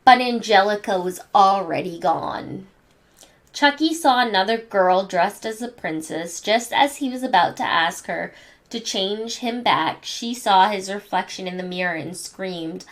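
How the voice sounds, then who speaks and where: A woman reading a bedtime story aloud to children in a gentle manner. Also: mid-range voice. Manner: gentle, slow reading to kids. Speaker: storybook reader.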